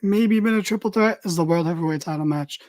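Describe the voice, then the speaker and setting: A woman's voice: lowish voice, fast talker, a little mellow. A woman giving a casual, opinionated wrestling recap, blunt and swearing freely as she reads viewer comments. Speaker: wrestling show reviewer.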